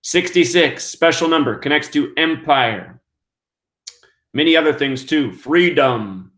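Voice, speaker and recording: A man's voice: a little high, a little slow, fairly bright tone. A man hosting an online show, giving an emphatic monologue that counts out numbers and asks rhetorical questions. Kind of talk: monologue commentary. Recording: roomy echo.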